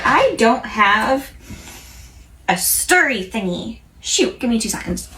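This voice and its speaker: With a noisy background behind her mid-range voice, a young woman who comments on pop culture chats casually to camera. She has the hiccups and rambles through TV episode recaps, sharing strong opinions and often restarting.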